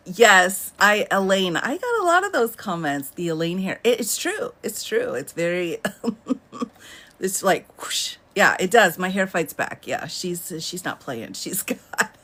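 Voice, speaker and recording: A woman's voice: lowish voice, big pitch swings, measured pace, fairly bright tone. A woman in her thirties hosting a casual live stream from home, chatting and laughing often as she answers viewer comments. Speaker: livestream host.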